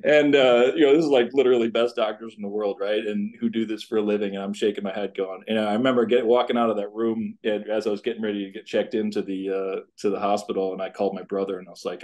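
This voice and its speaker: His lowish, darkish voice has a flat delivery and a fast pace. The man, a college tennis coach in his fifties, tells a personal story in a podcast interview, rambling earnestly and slipping in asides.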